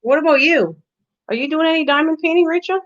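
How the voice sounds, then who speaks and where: A woman's voice: high voice, fast, fairly bright tone. Chatty older woman on a lo-fi stream. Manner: chatty, talks to viewers by name, laughs often. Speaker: live-stream host. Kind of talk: casual live-stream chat. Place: home kitchen. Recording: lo-fi stream audio.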